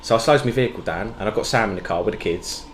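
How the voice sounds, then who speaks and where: A man's voice: fairly low pitch, racing, roomy sound, slight background noise. A man, co-hosting a podcast and telling stories in casual, sweary chat. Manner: sweary, lively storytelling. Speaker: podcast co-host.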